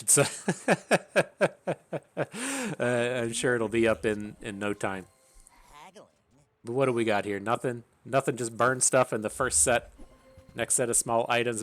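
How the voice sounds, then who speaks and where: A man's voice: on the low side, fairly bright tone. A man giving casual commentary while playing a video game, rambling, repeating words and swearing now and then. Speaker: gaming streamer.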